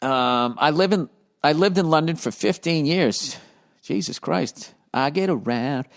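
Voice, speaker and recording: A man's voice: a little high, expressive, a little slow, gravelly. A man hosting a comedy podcast, ranting in a profane, exasperated way as he reads listener mail. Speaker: podcast host.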